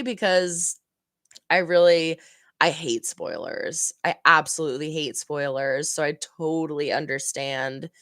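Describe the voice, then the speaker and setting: This reaction streamer has a deep voice, recorded without echo. She chats casually through her live chat, rambling in an animated way and laughing a lot.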